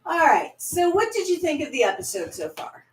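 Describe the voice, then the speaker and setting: A woman's voice: high voice, huge pitch swings, normal speed. Blunt, cursing woman in an echoey room. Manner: blunt, swears casually. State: headache. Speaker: co-host. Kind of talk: casual reaction chat. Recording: echoey room, far from mic.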